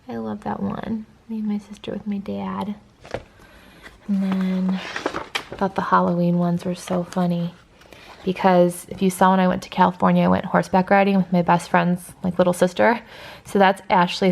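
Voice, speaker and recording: A young woman chats to camera from home in a casual vlog, teary and leaning on "like" between thoughts. Her voice sits at an ordinary middle pitch with a gravelly fry underneath. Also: darkish tone. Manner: chatty, many "like" fillers. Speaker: lifestyle vlogger. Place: at home indoors.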